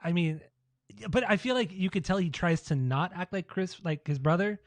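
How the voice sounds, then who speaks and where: A man chatting casually as a podcast co-host, his voice sitting a little high. He rambles with plenty of filler and laughs easily. The sound is dry and close. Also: moderate pace, dry recording. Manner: rambling, laughs often, heavy use of "like".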